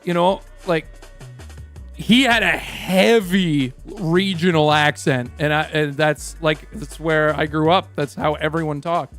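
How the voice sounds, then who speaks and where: A man's voice: fairly high pitch, fairly even intonation, unhurried, fairly bright tone, faint music behind. A young Canadian man with a Canadian accent, chatting on stream, rambling and swearing freely as he tells a story. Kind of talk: casual stream chat.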